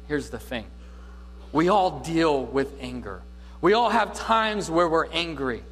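A man preaching a sermon as a pastor, with dynamic preaching that swings from loud to hushed. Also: fairly high pitch. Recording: reverberant hall with faint mains hum.

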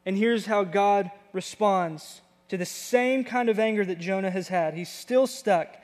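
A male pastor preaches an emphatic, conversational sermon in a fairly high voice. His words echo with a long reverb in a large church hall. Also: unhurried, darkish tone.

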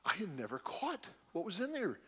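A man's voice: high voice, moderate pace, breathy edge. A middle-aged man telling a story to a live audience and acting out the voices of the people he quotes. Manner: animated, acts out quoted voices. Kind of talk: storytelling talk.

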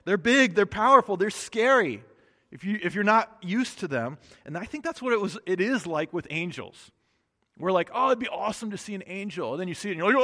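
A man's voice: high voice, animated, brisk, sharp tone. A man preaching a sermon, reading scripture and then explaining it in a casual, chatty way with humor and frequent restarts. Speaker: pastor. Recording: long hall reverb.

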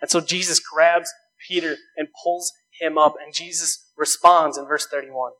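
A man's voice: on the high side, steady tone, normal speed, sharp tone, poor audio. A man preaching a sermon, earnest, building emphasis through rhetorical questions. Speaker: pastor.

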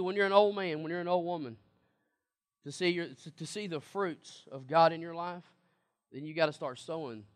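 A man's voice: high-pitched, a bit bright. A man preaching a sermon, emphatic, repeating words and asking the congregation questions. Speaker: pastor.

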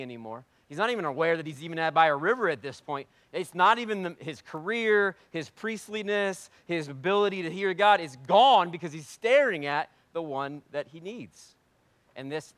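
A man preaching a sermon with a fairly high voice, close and dry on the mic. He swings from quiet, intimate passages to loud, emphatic ones, answering his own rhetorical questions. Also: a little fast, no echo. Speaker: pastor.

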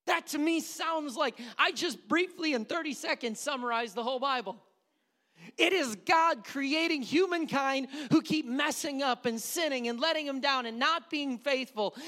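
A male pastor preaching a sermon, swinging from loud urgent passages to hushed near-whispers and acting out quoted prayers. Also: extremely high pitch, moderate pace. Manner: acts out quoted prayers and everyday voices.

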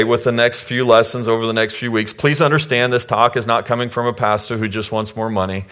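A man's voice: medium pitch, a bit bright. A middle-aged male pastor giving a conversational sermon to his church, acting out the people he quotes with sudden jumps in voice.

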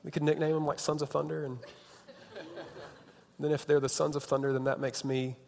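A man's voice: fairly high pitch, flat delivery, a little fast, creaky, darkish tone. Joking preacher man in a reverberant hall. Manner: chatty, joking, self-interrupting. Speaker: youth pastor. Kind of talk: casual sermon. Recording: long reverb of a large hall.

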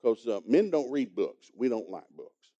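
A man's voice: medium pitch, big pitch swings, normal speed, warm tone, lo-fi sound. A man preaching a sermon, telling a folksy story and chuckling as he goes. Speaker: pastor teaching a congregation.

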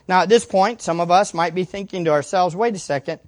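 A woman's voice: lowish voice, fairly even intonation, a little fast, no echo. A woman preaching a sermon, emphatic, repeating key words and asking the congregation questions.

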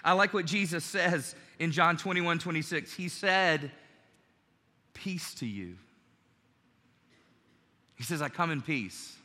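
Bright-voiced male pastor in a reverberant hall. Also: on the high side, moderate pace, few pauses. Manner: conversational preaching, acts out quoted lines. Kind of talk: sermon.

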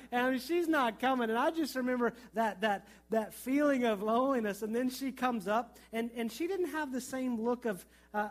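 A man's voice: very high-pitched, moderate pace, few pauses. A middle-aged man, a pastor, preaching a sermon and telling funny childhood stories. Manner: storytelling with humor and vivid childhood anecdotes.

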